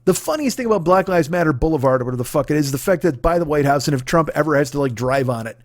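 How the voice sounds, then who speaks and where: 40s guy ranting on his podcast, kinda high voice, swears a ton, dead dry sound. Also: animated, very fast, dry recording. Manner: sweary, exasperated, rambling. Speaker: comedy podcast host. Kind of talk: profane comedic rant.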